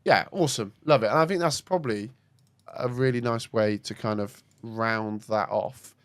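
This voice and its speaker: A man hosting a casual podcast, joking and swearing, then reading a brisk sign-off. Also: lowish voice, no room sound. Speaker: podcast host.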